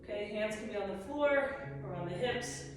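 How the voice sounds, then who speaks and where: A woman fitness instructor calmly guiding a workout, counting reps and cueing breaths. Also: medium pitch, moderate pace, noisy background. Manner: calm counting, cues breathing. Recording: roomy echo, distant mic, music behind.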